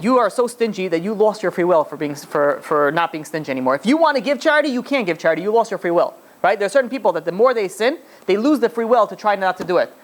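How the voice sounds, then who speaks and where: A rabbi telling a story in a sermon, rambling with many "you know" and "right?" asides. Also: male voice, high voice.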